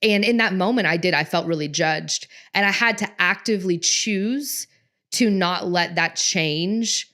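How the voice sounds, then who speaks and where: A woman's voice: fairly low pitch, measured pace. A woman co-hosting a parenting podcast, talking earnestly and telling a personal story in casual conversation. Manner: earnest, storytelling, animated quoting. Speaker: podcast co-host.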